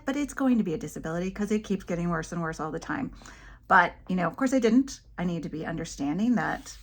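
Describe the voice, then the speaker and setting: Middle-aged woman, casual vlogger, chatty storyteller who slips into little voices for the people she quotes, medium pitch, talking straight to camera. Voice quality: head tremor from dystonia. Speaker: vlogger with a movement disorder. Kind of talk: casual personal vlog.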